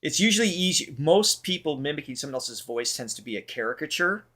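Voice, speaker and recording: A man who is a vocal coach and show host, explaining how the voice works with everyday analogies in a relaxed reaction chat. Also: fairly high pitch, fairly quick.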